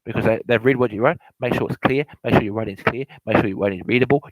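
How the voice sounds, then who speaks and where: Fast and rambling, a mid-range male voice lectures informally about property investment, circling back on points, correcting himself, and speaking directly to the audience. The recording is rough and has no room sound.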